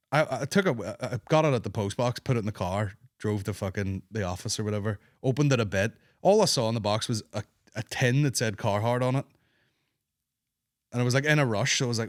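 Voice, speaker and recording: A man, hosting a podcast and telling a long comic story in casual, sweary, animated chat. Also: on the low side, dry recording, studio quality. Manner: sweary, animated, quick asides. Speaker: podcast host.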